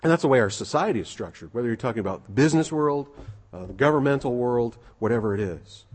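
A man delivers a sermon in a lively, swooping voice with a touch of huskiness. He preaches in an emphatic, conversational way. His words ring out with the long reverb of a large church hall. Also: mid-range voice, quick pace. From United States.

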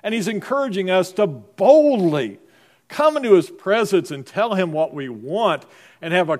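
A middle-aged man preaching a sermon as pastor, in a conversational style full of rhetorical questions to the congregation. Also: a little high.

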